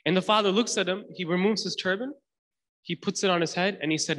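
A man hosting a podcast conversation, telling a story in an animated way and acting out quotes with Arabic phrases mixed in. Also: high-pitched, fast, long reverb tail. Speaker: host.

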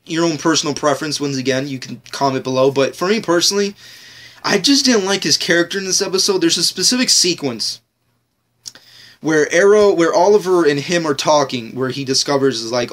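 A man's voice: on the high side, lively intonation, fairly quick, a bit bright. A man ranting casually in a TV episode review vlog, rambling, joking and swearing heavily.

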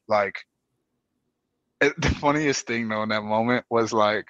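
A man in his thirties, a dance guest, talking in a relaxed, slangy way with many fillers. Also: on the low side, fairly quick, dry recording, highs cut off. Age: 30s. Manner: laid-back, slangy, lots of fillers. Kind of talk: casual podcast chat.

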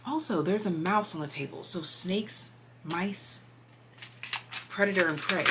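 A woman's voice: on the low side, measured pace, pauses often, heavy background noise. A woman giving a casual tarot reading, chatty and meandering, full of fillers, sometimes dropping to a whisper. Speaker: tarot reader.

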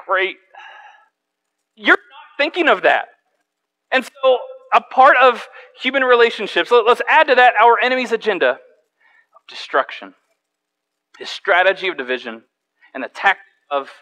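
A man preaching a sermon from a church stage as a pastor, telling a personal story in an animated way and repeating words when he restarts. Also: sits high, normal speed, long pauses, low-quality recording.

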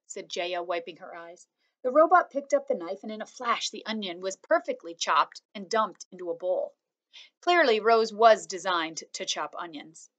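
Woman reading a kids' book out loud, calm and steady, mid-pitched voice. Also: normal speed. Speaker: reader. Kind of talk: reading a children's novel aloud.

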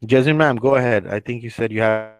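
A man's voice: mid-range voice, brisk. A man leading an online training session, earnest and reassuring, who often restarts his sentences and reads out questions from the chat. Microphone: computer mic on a video call.

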